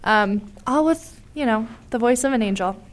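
A woman's voice: on the high side, normal speed. A woman co-hosting a casual chat about musicals, chatty and enthusiastic, with many fillers. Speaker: podcast co-host.

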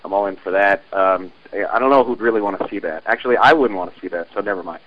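A man's voice: lowish voice, quick pace. Man from oregon, casual caller, rambling voicemail, dull lo-fi sound. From Oregon, USA. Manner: rambling, laid-back.

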